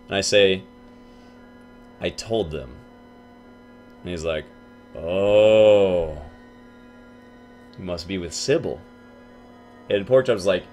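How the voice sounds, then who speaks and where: A young man telling a story casually to his viewers, acting out what his friends said in hushed and loud voices. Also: deep voice.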